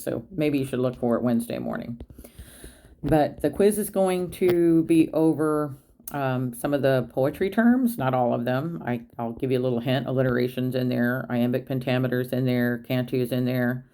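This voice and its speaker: A woman teacher giving a recorded lecture to her class, explaining in a relaxed way with many fillers. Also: very deep voice.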